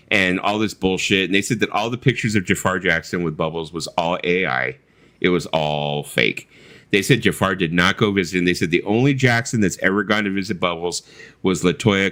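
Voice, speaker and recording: A man co-hosting a casual livestream chat, telling stories in a blunt, profane, animated way. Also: sits low. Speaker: co-host of a livestream.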